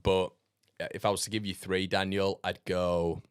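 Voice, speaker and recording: A man's voice: deep voice, flat delivery, normal speed, clean tone, dry recording, studio quality. A man hosting a casual football livestream, reading viewer comments with blunt, sarcastic remarks and frequent laughs. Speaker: football fan channel host.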